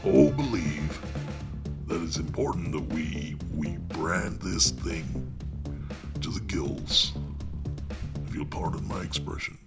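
A man's voice: rumbling low, little pitch movement, slow, long pauses, loud music behind the voice, exaggerated voice. An actor playing a pompous, self-important male writer who rambles and talks down to people while recording his audiobook. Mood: conspiratorial. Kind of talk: comic monologue.

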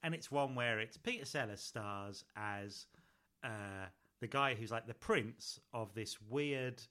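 A man chatting as a podcast co-host, with a bright, sharp tone and a mid-range pitch. He talks enthusiastically, tossing in quick asides. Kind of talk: casual chat.

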